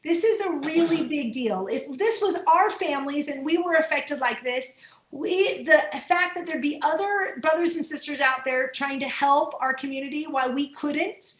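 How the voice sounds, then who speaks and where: A woman with a high, bright-sitting voice speaks earnestly to volunteers on a video call, her words warm with emotion and broken up by frequent laughs. Her computer mic catches a roomy echo of the room around her. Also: moderate pace. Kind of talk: Zoom training talk.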